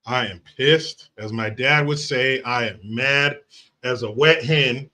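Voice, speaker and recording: A man's voice: mid-range voice, takes it slowly, sharp tone. A man hosting a casual political commentary stream, brash and sarcastic, swearing freely as he reads viewer comments.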